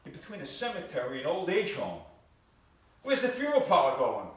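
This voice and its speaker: A man's voice: on the high side, huge pitch swings, fairly quick. A male stand-up comedian on stage, teasing and quizzing the audience. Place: live stage before an audience. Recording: echoey hall from far off.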